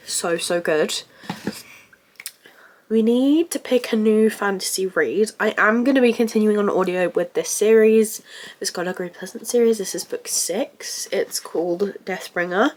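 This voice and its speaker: A young woman vlogging about her reading, sounding sick and rough-voiced, gushing and emotional as she talks to the camera. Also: mid-range voice. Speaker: book vlogger. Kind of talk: casual reading vlog.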